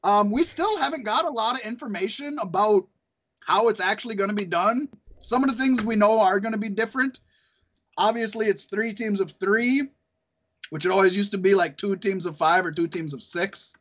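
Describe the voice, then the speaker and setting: A man's voice: sits high, moderate pace, a bit bright, muffled recording. A man co-hosting a podcast, chatting casually, rambling and swearing with frequent laughter. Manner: rambling, profane, laughs often. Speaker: podcast co-host. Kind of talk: casual chat.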